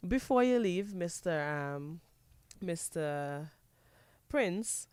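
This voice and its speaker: A woman hosts a radio show, curious and brisk, often repeating phrases back. Her voice is smooth and clear at a middle pitch. The sound is dry and close, as in a studio. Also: no echo. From Dominica. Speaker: radio host. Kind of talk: casual radio talk.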